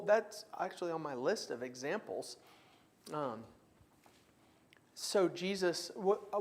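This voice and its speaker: Speaking at a fairly high pitch with a darkish tone, a man teaches a church Bible class in a conversational style. He invites discussion, takes comments, and reads scripture aloud emphatically.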